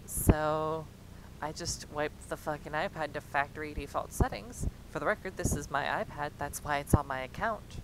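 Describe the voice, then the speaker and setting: A young woman telling a rambling, profane story in a casual vlog and acting out the quoted lines. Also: normal speed. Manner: rambling, heavy swearing, acts out quotes. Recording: clear low rumbling noise behind.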